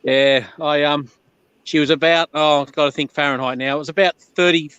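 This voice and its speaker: A man's voice: fairly high pitch, fairly even intonation, brisk, a bit bright, clear, resonant tone, no room sound, lo-fi sound. A man with an Australian accent, chatting casually as a guest on a live chat. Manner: laid-back, laughs often, says "yeah, no".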